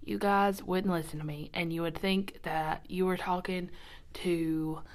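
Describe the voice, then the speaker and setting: A woman hosting a casual devotional podcast, chatty and upbeat, often dropping to a soft whisper, recorded in a quiet church nursing room. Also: on the low side, steady tone, unhurried. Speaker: podcast host.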